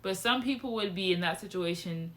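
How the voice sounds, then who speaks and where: A young woman talks straight to camera in a casual personal vlog. Her voice is bright and forceful, and her pitch jumps up for emphasis. She is candid and animated, with frequent swearing. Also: fairly quick. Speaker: vlogger.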